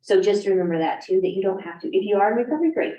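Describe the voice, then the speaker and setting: A woman's voice: mid-range voice, expressive, very fast, warm tone. A woman instructor speaking frankly and conversationally on a panel at a career event. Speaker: graduate program instructor. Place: university event room. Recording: distant, echoey, dull room recording.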